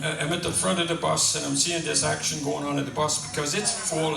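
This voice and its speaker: A man spins folksy stand-up jokes. His gravelly, fairly high voice is picked up from a distance in a roomy space. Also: a bit bright. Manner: rambling, folksy storytelling. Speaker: comedian. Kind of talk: stand-up joke telling. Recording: roomy, distant mic, faint noise.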